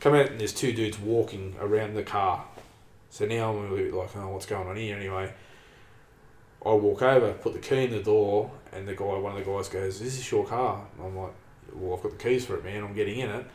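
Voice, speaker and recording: A man's voice: lowish voice, steady tone, a little fast, darkish tone, roomy sound, a little hiss or hum. An Australian man telling a long story in casual chat, rambling and sweary, peppering his talk with "man" and "like".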